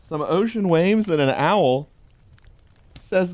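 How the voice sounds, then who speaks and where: A man giving a deadpan comedic reading of a holiday pun book, with dry delivery. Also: mid-range voice, slow pace, no room sound. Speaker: host.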